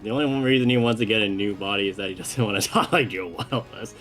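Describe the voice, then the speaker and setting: A man's voice: lowish voice, fast, soft background music. A man streaming a game, chatting casually and joking with laughs. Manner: laughs often, animated joking. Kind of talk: casual let's play banter.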